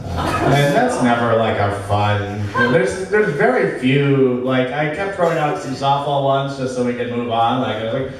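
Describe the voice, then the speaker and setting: A man doing a stand-up comedy set on stage, talking in a halting, rambling way with lots of restarts. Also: mid-range voice, lively intonation, slight background noise. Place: small comedy venue stage. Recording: very echoey room, mic from a distance.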